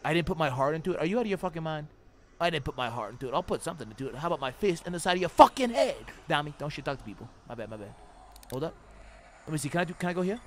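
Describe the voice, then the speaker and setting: A young man streaming a horror game, reacting loudly with swearing, sudden shouts and jokes at his chat. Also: fairly high pitch, very fast, slight background noise. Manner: loud, profane, excitable reactions with sudden shouts; trash-talking, joking with chat. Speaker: gaming streamer. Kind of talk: livestream gameplay commentary.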